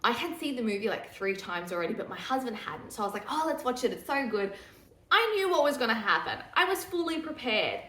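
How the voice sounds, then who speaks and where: A woman's voice: a little high, sing-song, fast, a little hiss or hum. Chatty young woman in an echoey room. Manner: chatty, candid, laughs easily, drops to a hushed voice for quoted asides. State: pregnant. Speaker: vlogger. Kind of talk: casual pregnancy update chat.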